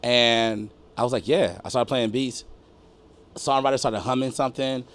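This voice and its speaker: A middle-aged man and music producer from St. Louis, telling stories in a casual interview, animated and swearing freely. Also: medium pitch, moderate pace. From St. Louis, USA. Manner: animated storyteller who acts out quotes, swears freely.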